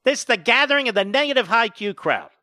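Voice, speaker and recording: Man, talk-radio host, sarcastic, mocking, bright voice, dry close mic. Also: extremely high pitch, lively intonation, fast talker, dry recording. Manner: sarcastic, mocking, swings loud and quiet.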